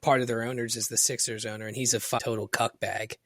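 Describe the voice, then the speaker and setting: A man's voice: mid-range voice, little pitch movement, quick pace, a bit bright, dry recording. Teasing crude podcast man, dry sound. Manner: teasing, crude, laughs often. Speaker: podcast co-host. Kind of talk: casual chat.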